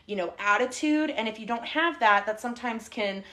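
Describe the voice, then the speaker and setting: A young woman from the Middle East co-hosting a podcast in a casual, chatty way, with lots of fillers and quick laughs. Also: on the high side, bright, forceful tone. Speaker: podcast co-host. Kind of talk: casual chat. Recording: live stream, recorded together in a car.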